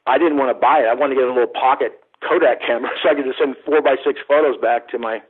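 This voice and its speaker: A man's voice: medium pitch, steady tone, fast, husky. A middle-aged man, a guest photographer, telling rambling, profane stories over the phone. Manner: rambling, profane, acts out quoted dialogue. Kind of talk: casual storytelling. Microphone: phone call. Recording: tinny phone line.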